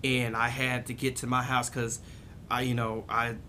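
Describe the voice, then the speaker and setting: A man's voice: medium pitch, level tone, moderate pace, pushed and bright, slight background noise. A young man telling a rowdy story in casual chat, laughing often and mimicking the people he quotes. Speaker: podcast co-host telling a story.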